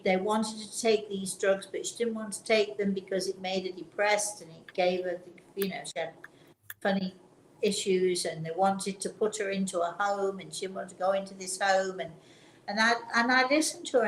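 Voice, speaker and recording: Picture a woman hosting a talk show, sharing a personal story in a gentle, earnest voice that often stops and restarts. Her voice carries a roomy echo, and a faint hum sits underneath. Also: mid-range voice. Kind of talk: casual chat, personal storytelling. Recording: roomy sound with faint background noise.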